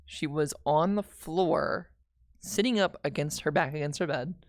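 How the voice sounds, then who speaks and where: A woman's voice: low-pitched, a little slow, dry recording, studio quality. Candid young woman telling a heavy story. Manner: candid, emotional, swears, restarts often. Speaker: streamer. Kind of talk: casual storytelling on a livestream.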